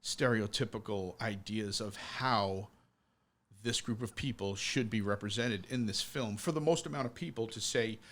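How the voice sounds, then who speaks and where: A man's voice: on the low side, moderate pace, fairly bright tone. A man co-hosting a film podcast, talking casually and animatedly, swearing freely and acting out quoted voices. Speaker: podcast co-host.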